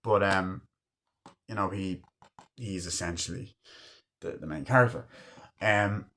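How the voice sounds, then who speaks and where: A man's voice: low-pitched, measured pace, bright, forceful tone. A man giving a casual film review. He swears freely, rambles and acts out quoted lines in put-on voices.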